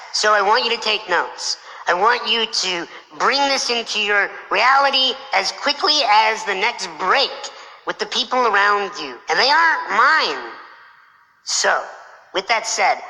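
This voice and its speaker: Male motivational speaker, playful, acts out the people in his stories; tense, bright delivery with long reverb from a large hall. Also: sits high. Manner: playful storyteller, acts out other people's lines. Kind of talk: motivational keynote talk.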